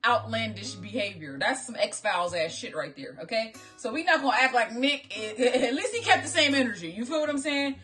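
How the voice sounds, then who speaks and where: A woman's voice: fairly high pitch, brisk, hardly any pauses, faint music behind. Blunt, profane woman doing reaction commentary. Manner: blunt, profane, animated, mock-imitating voices. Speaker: reaction video host. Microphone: phone.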